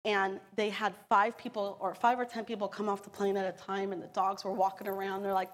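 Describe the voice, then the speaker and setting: A woman's voice: mid-range voice, level tone, a little fast, few pauses, in a large hall. A woman telling her own story in an earnest, emotional way, acting out the voices of the people she quotes. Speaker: storyteller sharing a personal testimony. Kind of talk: personal storytelling.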